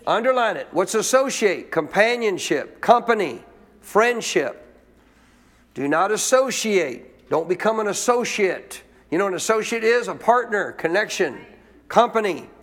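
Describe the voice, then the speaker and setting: High-voiced emphatic preacher man. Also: animated, measured pace, a bit bright. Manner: emphatic, questions the congregation and repeats points. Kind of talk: sermon. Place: church.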